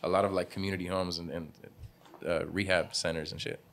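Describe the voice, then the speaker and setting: Deep-voiced laid-back man telling stories. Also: flat delivery, a little fast, fairly bright tone, a little hiss or hum. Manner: laid-back, laughing, slangy, acts out quotes. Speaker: barbershop owner, guest. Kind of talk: casual interview storytelling.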